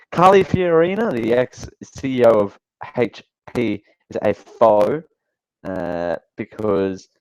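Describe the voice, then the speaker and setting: A male host talks through casual commentary with a dry, sarcastic edge, wandering off and restarting his sentences. His voice has a gravelly fry to it, and he sounds close and dry with no room around him. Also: lowish voice, darkish tone, dry recording, muffled recording. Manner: sarcastic, rambling, with frequent fillers and restarts. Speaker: show host.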